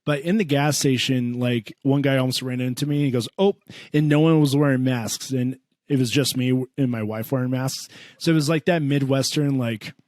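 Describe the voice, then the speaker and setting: Man, podcast co-host, animated comic storyteller, dry close mic. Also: normal speed, no room sound. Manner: animated, swears a lot, voices his mom in a high pitch. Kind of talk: comedic storytelling.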